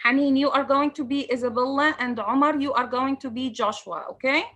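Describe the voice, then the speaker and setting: A woman's voice: high voice, steady tone, brisk, bright, forceful tone. Fields: woman, teacher. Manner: encouraging, switches between English and Arabic. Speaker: English teacher. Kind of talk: online class instruction.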